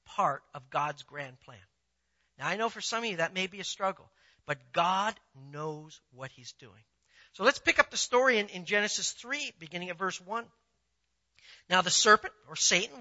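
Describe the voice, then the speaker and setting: A man preaching a sermon in a conversational, animated way, asking his listeners rhetorical questions. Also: high-pitched. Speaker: pastor. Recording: dull lo-fi sound.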